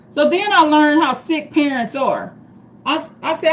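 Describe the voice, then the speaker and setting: A blunt, profane middle-aged woman with a high-pitched voice hosts an unscripted livestream at a normal speed, with slight background noise. She addresses her viewers as "y'all."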